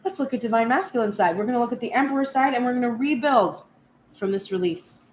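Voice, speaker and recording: A woman's voice: on the high side, fast. Earnest woman reading tarot in an echoey room. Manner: reflective and earnest, speaking at length. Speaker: tarot reader. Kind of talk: spoken tarot reading vlog. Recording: echoey room with faint background noise.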